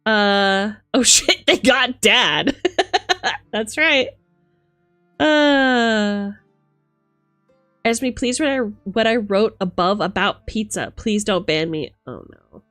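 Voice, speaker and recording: A young woman streamer chatting casually with her viewers, animated, laughing and swearing freely. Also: medium pitch, drawn-out words, pauses often, soft background music. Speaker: livestreamer.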